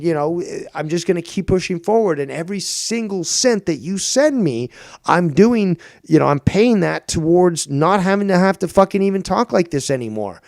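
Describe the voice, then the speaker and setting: A man's voice: a little high, creaky, darkish tone, dry recording, clean studio sound. A middle-aged man hosting a live stream, ranting with lots of swearing and mocking others in whiny put-on quotes. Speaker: streamer and show host.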